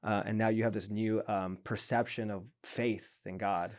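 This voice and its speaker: Reflective male podcast host, low voice. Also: fairly even intonation, normal speed, darkish tone, no echo, clean studio sound. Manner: reflective, sums up the guest's story. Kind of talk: casual interview conversation. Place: podcast studio.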